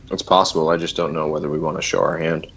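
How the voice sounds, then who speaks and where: Very deep, gravelly cautious male player. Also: flat delivery, fairly bright tone, slight background noise, low-quality recording. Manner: cautious, measured reasoning. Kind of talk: casual game talk.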